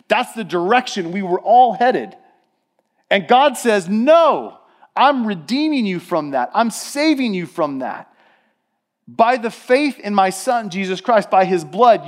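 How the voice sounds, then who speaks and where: High-voiced male pastor preaching conversationally. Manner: conversational preaching with acted-out quotes. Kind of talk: sermon.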